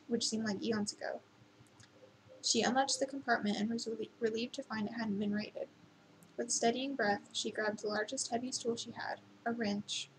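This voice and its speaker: A woman reading a novel aloud at an unhurried pace, with occasional slips and restarts. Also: on the high side, slight background noise, poor audio. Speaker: reader.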